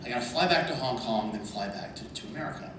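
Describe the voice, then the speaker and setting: A man telling lively anecdotes to a convention panel audience, often laughing. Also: medium pitch, quick pace. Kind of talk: storytelling at a panel. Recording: echoey hall from far off, background noise.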